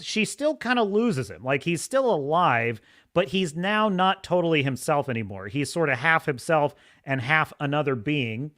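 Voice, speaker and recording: A man's voice: fairly high pitch, fairly bright tone. A man hosting a livestream podcast, chatting casually and enthusiastically, rambling and laughing often. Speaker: podcast host.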